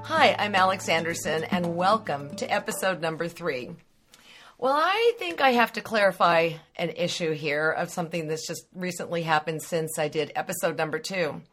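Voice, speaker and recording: Chatty middle-aged lady hosting a podcast, lively storytelling, laughs as she goes. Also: deep voice. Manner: chatty, animated, laughs while telling stories. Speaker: podcast host. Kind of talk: casual storytelling monologue.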